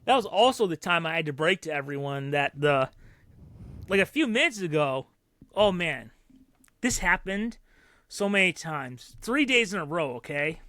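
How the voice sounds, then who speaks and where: A man co-hosting a podcast, telling animated stories in casual chat and acting out the people he quotes. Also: a little high, moderate pace, dry recording. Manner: animated storyteller who acts out loud quoted voices. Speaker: podcast co-host.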